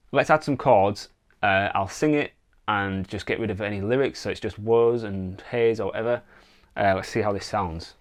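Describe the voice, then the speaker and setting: A man teaching songwriting in a relaxed, casual way, thinking aloud and demonstrating on guitar. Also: on the low side. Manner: relaxed, thinks aloud with fillers, sings wordless vocal lines. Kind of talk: casual instructional talk with guitar demos. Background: acoustic guitar playing.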